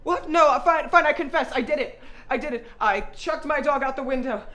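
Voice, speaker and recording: A woman's voice: sits high, fairly quick, pushed and bright. A woman playing a wailing, flamboyant old diva. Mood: hysterical confession. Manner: wailing, theatrical, laughing through lines. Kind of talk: live stage comedy sketch.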